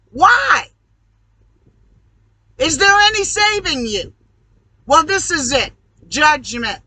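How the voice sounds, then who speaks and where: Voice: high voice, pushed and bright, no echo, low-quality recording. A speaker in a heated, profane ranting monologue, preaching at the audience and swearing constantly. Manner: calls the audience "y'all". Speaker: online video host.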